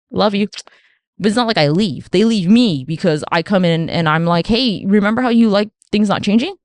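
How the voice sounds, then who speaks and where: A woman hosting a solo podcast, rambling and swearing casually, acting out other people's voices with big jumps in pitch. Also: no echo, studio quality. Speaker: podcast host.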